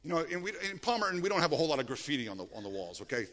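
Male pastor, middle-aged, lively sermon voice, bright and a bit high, church hall reverb. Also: rapid-fire. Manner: animated, rising to emphatic peaks, frequent restarts. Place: church sanctuary.

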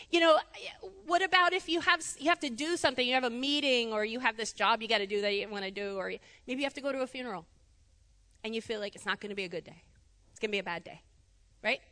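A woman giving a conversational sermon in a church, animated and chatty, laughing easily. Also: high-pitched, big-room sound. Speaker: preacher. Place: church sanctuary.

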